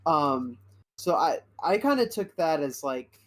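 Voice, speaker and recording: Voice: medium pitch, big pitch swings, measured pace. Rambling podcast co-host. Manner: rambling, many restarts and fillers. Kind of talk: casual fan chat.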